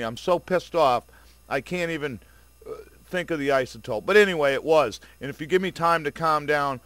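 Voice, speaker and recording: A man's voice: a little high, fairly bright tone, smooth, no room sound. A man rants into the camera with a raised, tense voice, swearing freely and mocking his viewers. His anger stays at a boil throughout, with a sarcastic edge. The recording is dry, with no room sound around him. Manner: furious, profane and sarcastic. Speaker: vlogger. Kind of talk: angry video rant.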